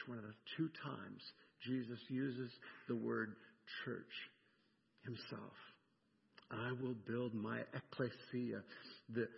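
A man's voice: fairly high pitch, creaky. An older American man preaching a sermon, emphatic and repeating words as he explains scripture. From United States. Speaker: pastor. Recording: dull sound with long reverb in a hall.

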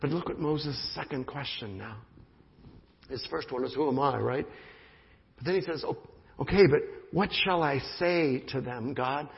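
A man preaching a sermon in an animated style, often asking his listeners "right?" as he goes. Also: mid-range voice, normal speed, creaky. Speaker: pastor. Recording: muffled sound in a reverberant hall.

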